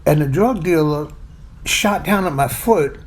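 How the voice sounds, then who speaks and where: A man voicing a forgiving man from New York in a retold anecdote, brisk and matter-of-fact. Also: fairly high pitch.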